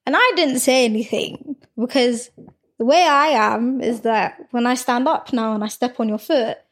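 A woman's voice: fairly high pitch, normal speed. A woman co-hosting a podcast, telling a story in casual chat and laughing as she goes. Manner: animated, laughs while telling stories. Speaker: podcast co-host.

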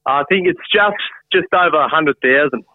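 A man's voice: on the high side, normal speed, no room sound. An easygoing man from Queensland with an Australian accent, chatting as a caller on a podcast. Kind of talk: casual phone chat. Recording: tinny phone line, dry.

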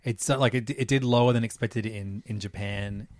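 A man's voice: lowish voice, steady tone, normal speed, darkish tone, dry recording. A young man co-hosting a casual film chat, trading dry quips and short replies. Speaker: podcast co-host.

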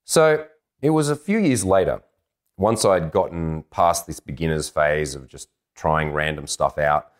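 A man with a very low voice tells a personal story as a dating coach. He is animated and self-deprecating, slipping into bits of acted-out dialogue. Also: unhurried. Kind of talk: anecdotal storytelling.

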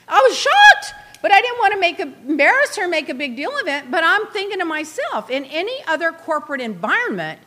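A woman in a casual chat, telling a story in an animated, indignant way with quick asides. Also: very high-pitched. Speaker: guest recounting reality show events.

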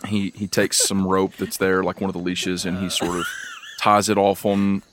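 A man's voice: low voice, flat delivery, moderate pace, a bit bright. A man running a tabletop game as game master, narrating scenes in an easygoing way and often laughing.

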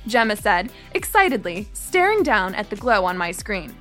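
A young woman narrating a first-person story in an animated, expressive way. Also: mid-range voice, moderate pace, few pauses, faint music behind.

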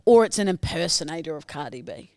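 A woman's voice: low voice, lively intonation, quick pace, a little mellow, dry recording, clean studio sound. A woman co-hosting a podcast, chatting casually in a playful, rambling way. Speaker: podcast co-host. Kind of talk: casual chat.

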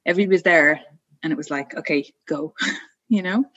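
A woman in her thirties talks through a personal story in a loose, conversational way. Her voice sits a little low for a woman. She fills her phrases with "like" and "you know" and laughs easily between them. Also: fairly quick, highs cut off. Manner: relaxed, chatty, frequent "like" and "you know", laughs often. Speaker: guest telling her birth story. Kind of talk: casual storytelling interview.

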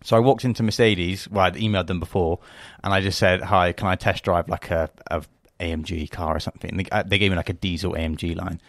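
Podcast co-host: young British man, very low voice, playful and quick with the jokes. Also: fairly even intonation, no room sound, clean studio sound. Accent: British English. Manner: teasing, asks quick questions. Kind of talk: casual chat.

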